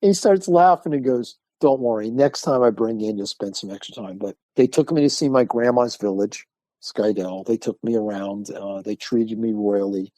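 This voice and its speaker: An older man, a martial arts instructor, telling lively stories in a podcast interview and acting out the people he quotes. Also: on the low side, moderate pace, no echo. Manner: animated storyteller acting out quoted voices.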